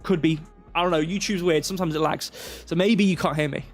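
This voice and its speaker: A man's voice: fairly high pitch, steady tone, quick pace, soft background music. A man hosting a live crypto stream, walking through charts step by step with rambling, self-deprecating asides. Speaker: crypto livestream host.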